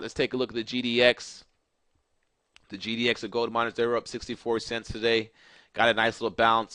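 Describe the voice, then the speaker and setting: A man's voice: on the low side, fairly bright tone, no room sound. A man giving a casual stock market recap over charts, talking loosely with many fillers and repeated phrases. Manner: loose, repetitive, filler-heavy chart talk. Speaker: market analyst host.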